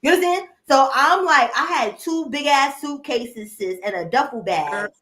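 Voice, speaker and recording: A woman in casual live-stream chat, telling stories loudly and with lots of life, swearing freely. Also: high-pitched, normal speed, reverberant, poor audio. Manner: loud animated storytelling, swears freely.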